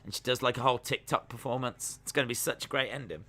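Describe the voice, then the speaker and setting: A man's voice: medium pitch, quick pace, hardly any pauses, pushed and bright. Chatty man doing live wrestling reaction. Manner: chatty, jokey, talks to chat while watching. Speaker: live-stream reaction host. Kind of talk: casual live reaction commentary, reading chat.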